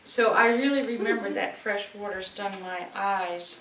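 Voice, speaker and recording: Bright-voiced woman telling fond local stories. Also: mid-range voice, moderate pace. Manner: fond, storytelling, warm recollection. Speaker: local speaker at an anniversary event. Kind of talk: public speech with personal stories. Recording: echoey room, distant mic, faint noise.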